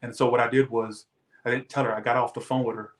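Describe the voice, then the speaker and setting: A man's voice: medium pitch, little pitch movement, fast talker, roomy sound. A man reading tarot who rants defensively and emphatically to his viewers in casual talk. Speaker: tarot reader.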